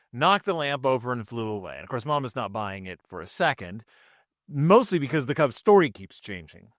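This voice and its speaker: Animated man retelling cartoon plots. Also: medium pitch, dry recording, studio quality. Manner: chatty and animated, retells scenes with quick character voices. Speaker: podcast host reviewing cartoon episodes. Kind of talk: casual solo commentary. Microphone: microphone with camera.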